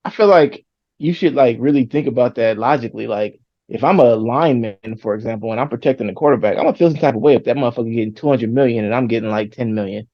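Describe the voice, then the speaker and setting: A man's voice: medium pitch, fast, dry recording. Blunt, profane man on a dull mic. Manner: blunt, profane, loose slang. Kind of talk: casual sports chat.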